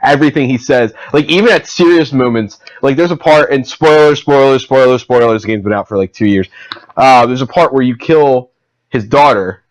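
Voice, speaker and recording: A man co-hosting a gaming podcast, animated and rambling with enthusiasm. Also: mid-range voice, moderate pace, low-quality recording. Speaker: co-host. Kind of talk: casual podcast chat.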